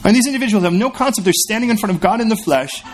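Animated, high-voiced male preacher. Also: racing, soft background music. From California. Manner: conversational storytelling preacher, acts out voices in anecdotes. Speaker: pastor. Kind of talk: sermon.

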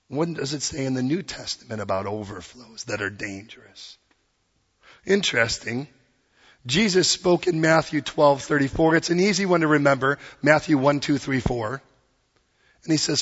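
A man preaching a sermon, earnest and plain-spoken, quoting scripture and acting out quick voices. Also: medium pitch, breathy edge, in a large hall, lo-fi sound.

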